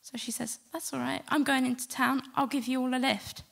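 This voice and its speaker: A middle-aged woman telling a personal story to a live audience, animated and acting out the quotes. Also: high-pitched, a little fast, creaky. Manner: lively, animated retelling with acted-out quotes. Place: stage before a live audience.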